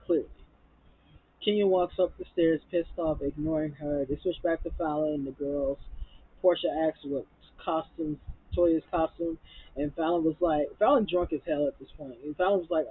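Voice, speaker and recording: A woman with a very raspy, husky voice recaps a reality show, animated and full of profanity. The audio is tinny and narrow, like a phone call. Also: low-pitched, moderate pace. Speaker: TV recap vlogger.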